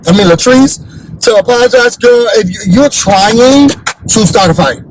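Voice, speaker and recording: Male recap host, high voice, sassy and blunt, acts out quotes, a little noise behind. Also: lively intonation, moderate pace, poor audio. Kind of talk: animated recap commentary.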